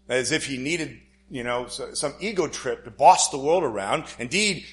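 A man's voice: on the high side, fairly bright tone. A man preaching a sermon, emphatic, repeating key phrases and acting out the lines he quotes.

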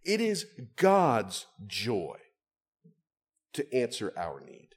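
Animated, emphatic male preacher. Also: medium pitch, extremely slow, long pauses. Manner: emphatic, swings between quiet asides and raised, stressed phrases. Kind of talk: sermon.

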